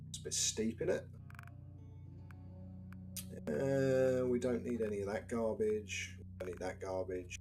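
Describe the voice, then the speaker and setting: A British man casually commentating his game stream with dry, wry asides. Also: on the low side. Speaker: gaming live streamer.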